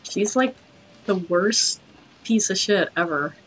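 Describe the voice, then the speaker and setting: A young woman hosting casual gaming commentary, crude, giggly and excitable, talking over her play. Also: mid-range voice, slow, a little hiss or hum, rough recording. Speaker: host.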